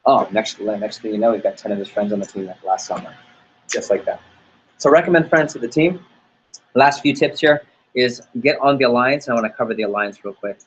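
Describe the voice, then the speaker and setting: A man's voice: medium pitch, brisk, lo-fi sound, a little hiss or hum. A man leading a sales team training talk, upbeat and motivational, acting out little dialogues as he goes. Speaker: sales office manager.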